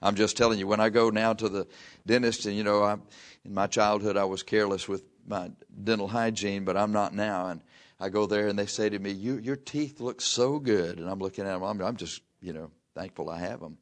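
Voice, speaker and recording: An older man preaching a folksy sermon, reading scripture slowly and telling homespun stories. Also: fairly low pitch, level tone. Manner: slow, drawn-out scripture reading mixed with chatty anecdotes.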